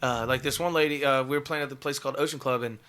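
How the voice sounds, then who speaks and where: A young man, a guest musician, telling a rambling, excitable story in a casual podcast interview, full of filler words. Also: mid-range voice, fast.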